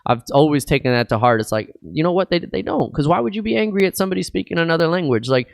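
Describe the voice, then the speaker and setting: Guy w a telling stories on a podcast, kinda high voice, dry mic. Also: fast talker, gravelly, no room sound. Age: adult with kids. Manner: animated storytelling, slips into Spanish. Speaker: podcast guest. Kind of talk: casual chat.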